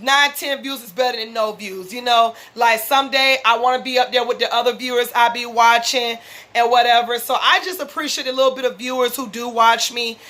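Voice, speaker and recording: A high-voiced woman. She recaps a reality show in a fired-up, profane, casual rant. Her tone is bright and sharp. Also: steady tone, fairly quick. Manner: fired-up, blunt, heavy profanity. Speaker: reality show reaction vlogger.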